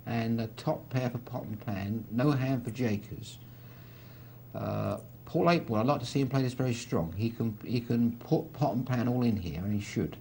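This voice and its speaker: Talk the hands through like a poker commentator. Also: male voice, medium pitch, moderate pace, gravelly, darkish tone, slight background noise. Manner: chatty, dry teasing asides.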